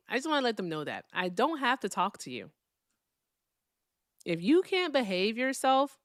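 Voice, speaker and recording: A woman's voice: fairly high pitch, sing-song, normal speed, pauses often, no echo, studio quality. A woman hosting a live call-in debate stream, blunt and profane, brushing callers off.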